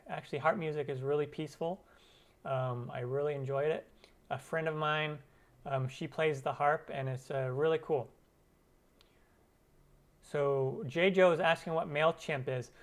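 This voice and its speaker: A man hosting a cooking channel's live stream Q&A, chatting loosely with viewers and using many fillers. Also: a little high. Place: lives in Arizona.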